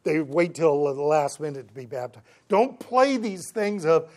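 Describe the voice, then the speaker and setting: A man preaching a sermon to his congregation, who often checks in with the listeners and breaks into lively voices for the people in the story. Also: fairly high pitch, measured pace. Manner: animated preaching, acts out the voices of the figures in the story; checks in with the listeners, asking "right?" again and again. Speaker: pastor.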